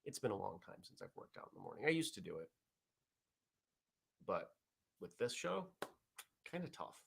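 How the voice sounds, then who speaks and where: A man hosting a casual morning vlog show, chatting in a relaxed, rambling way as he reads viewer comments. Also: sits low, normal speed, gravelly, a little hiss or hum.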